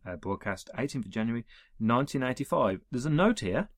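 A man with a sing-song, medium-pitched voice moves fairly quickly through an episode guide in a casual way, dropping wry comments and little chuckles. The recording is dry and studio quality.

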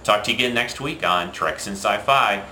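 A man hosting a video channel, signing off to viewers in a relaxed, casual way. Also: lowish voice, normal speed, echoey room, slight background noise, poor audio. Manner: relaxed, with fillers and restarts.

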